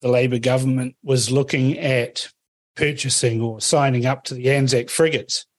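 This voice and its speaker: A man's voice: mid-range voice, no echo. A man hosting an interview, prompting his guest in a conversational way. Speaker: host. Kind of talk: interview questions.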